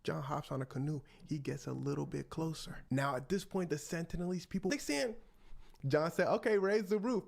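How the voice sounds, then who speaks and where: A man's voice: a little high, normal speed, gravelly. A man telling a comedic story in a playful, slangy way, jumping into the characters' voices.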